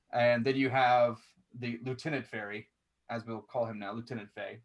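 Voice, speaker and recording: A man running a tabletop game as game master, with a voice at an ordinary middle pitch. His narration is loose and casual, full of fillers and restarts. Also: level tone, normal speed.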